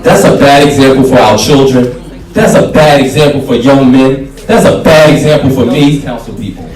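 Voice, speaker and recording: A man's voice: mid-range voice, normal speed, darkish tone. A man, a council candidate giving a fiery, plain-spoken campaign speech to a crowd. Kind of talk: campaign speech at a meet and greet. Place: community hall meet and greet. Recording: echoey room, speaker from far off, music faint behind.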